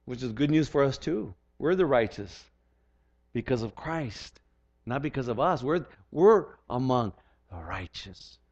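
A man's voice: mid-range voice, sing-song, measured pace, darkish tone. An older man preaching a sermon as pastor, earnest and often repeating words as he restarts his sentences. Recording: dull lo-fi recording.

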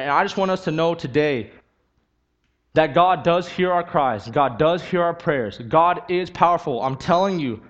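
A man's voice: on the high side, a bit bright. A young man preaching a sermon and telling his testimony, earnest and emphatic, driving points home by repeating them. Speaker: youth preacher. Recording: dull lo-fi recording.

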